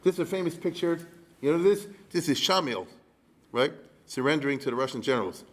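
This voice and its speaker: A man's voice: a little high, animated, brisk. A man, a rabbi, giving a conversational history lecture, often checking in with his listeners and dropping wry humorous asides. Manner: chatty, keeps checking in with the audience.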